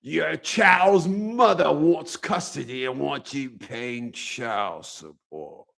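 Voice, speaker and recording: A man putting on a hushed sinister old emperor. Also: animated, vocal fry, heavily acted. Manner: slow, low, sinister drawl. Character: menacing old male emperor villain, slow and hushed.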